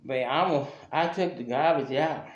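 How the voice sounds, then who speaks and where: A man's voice: mid-range voice, normal speed, lo-fi sound, lightly acted. A man acting out a broke, drunk man who pleads and wheedles with his woman for money, in an echoey room. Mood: wheedling.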